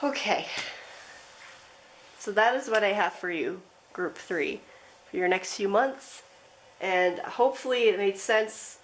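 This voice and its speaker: Woman tarot reader, soft rambling delivery, everyday mid pitch, casual and unscripted. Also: slow pace, long pauses, slight background noise, poor audio. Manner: rambling, gentle, with frequent fillers and soft laughs. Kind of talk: pick-a-card tarot reading.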